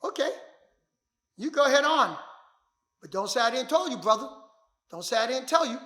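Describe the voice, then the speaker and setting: A man voicing an older male martial arts master who dismisses him with low, mocking repetition. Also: animated, moderate pace, pushed and bright, roomy sound, heavily acted.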